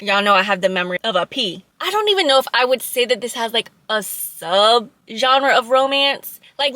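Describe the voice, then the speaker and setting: Bright, chatty woman book vlogger. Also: fairly high pitch, no room sound. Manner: chatty and emotional, addresses viewers as y'all. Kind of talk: casual book review chat.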